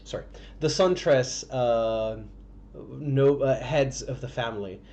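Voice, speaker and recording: A male game master narrates a tabletop roleplaying session for a live stream, painting scenes slowly and pausing often as he searches for words. His voice sits in an ordinary middle pitch. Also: a little mellow. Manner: halting, descriptive narration. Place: home streaming setup.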